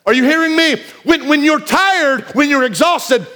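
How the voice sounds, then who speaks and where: Preaching pastor who swings loud and soft. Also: male voice, very high voice, lively intonation, moderate pace. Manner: preaching with big swings from loud to hushed, repeating phrases. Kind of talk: sermon. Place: church.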